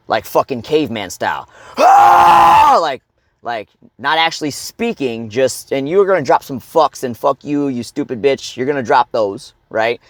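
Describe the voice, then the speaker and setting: A man coaching viewers in a blunt, profane monologue, often checking in with "okay?" and breaking into loud shouts and grunts to demonstrate. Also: mid-range voice, dry recording. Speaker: fitness and life coach.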